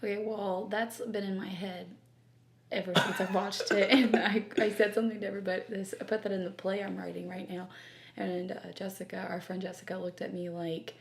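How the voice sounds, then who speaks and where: A woman's voice: mid-range voice, level tone, a little fast, gravelly, echoey room. A woman from California, a podcast guest chatting and rambling with frequent laughter. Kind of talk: casual chat.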